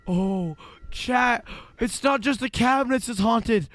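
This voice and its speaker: Young man, streamer, excitable, high voice, bright, reacting live. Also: takes it slowly, no echo. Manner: excitable, loud outbursts and laughing.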